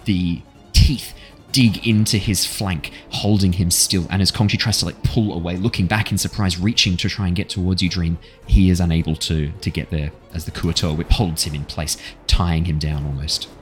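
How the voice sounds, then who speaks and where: A man narrating as dungeon master in a tabletop game, talking casually with lots of fillers and quick laughs. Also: low voice, fairly even intonation, soft background music. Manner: casual, many fillers, laughs at his own jokes.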